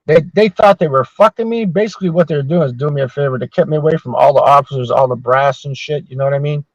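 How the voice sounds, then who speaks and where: This podcast host, a man in his sixties, fills a casual chat with long, rambling stories peppered with profanity. He speaks fast in a slightly high voice, and the sound is dull and dry, with no echo.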